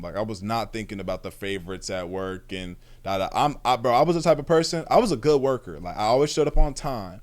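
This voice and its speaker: A man's voice: on the low side, fast, hardly any pauses. Slangy rambling young man streamer. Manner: rambling, slangy, swears freely, restarts often. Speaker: streamer reacting to a video. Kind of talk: casual chat.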